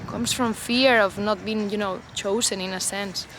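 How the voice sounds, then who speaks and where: A woman's voice: medium pitch, steady tone, normal speed, background noise. A woman vlogger talking unscripted to camera outdoors, in a loose, reflective way full of "you know" and "like".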